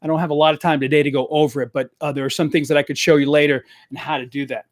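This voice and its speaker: A man coaching salespeople in a live stream, talking straight into a desk microphone in a direct, energetic way and repeating his key points. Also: a little high, very fast, dry recording, clean studio sound.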